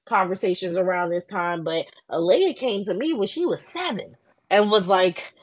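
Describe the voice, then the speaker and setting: A woman's voice: medium pitch, normal speed. A woman, co-hosting a casual podcast chat and telling stories with acted quotes. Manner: animated storytelling with acted quotes. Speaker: podcast co-host.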